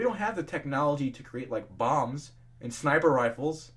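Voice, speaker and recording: Young man, fan fiction reader, lively pitch, profane, ranting, casual. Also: moderate pace, few pauses. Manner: profane ranting, laughs at the text.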